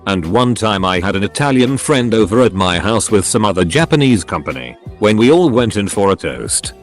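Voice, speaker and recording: A man reading short funny stories aloud as a scripted narration, with a lively storytelling delivery. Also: on the low side, brisk, soft background music.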